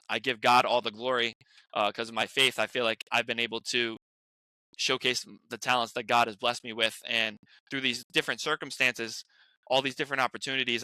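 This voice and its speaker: A man's voice: mid-range voice, bright, forceful tone, smooth, dry recording. A young man from Rhode Island, a guest actor, telling rambling stories in casual chat. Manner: rambling storyteller, many restarts and "like"s.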